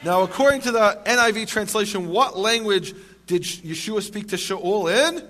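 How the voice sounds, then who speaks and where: Man, lecturer, high voice, emphatic, rhetorical questions, dry humor. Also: animated, moderate pace, bright, forceful tone. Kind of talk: lecture to a live audience.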